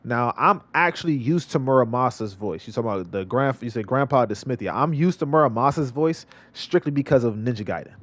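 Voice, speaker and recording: A man's voice: medium pitch, expressive, a little fast, few pauses. A male streamer giving casual gameplay commentary, rambling and repeating himself with many restarts. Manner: rambling, repetitive, lots of restarts.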